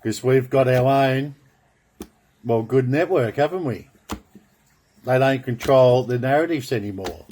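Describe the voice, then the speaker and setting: A man speaks at a very slow, unhurried pace. He rambles in a monologue of grand proclamations, repeating phrases as he draws cards. His voice sits at a medium pitch. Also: darkish tone, slight background noise. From Australia. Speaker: video blogger.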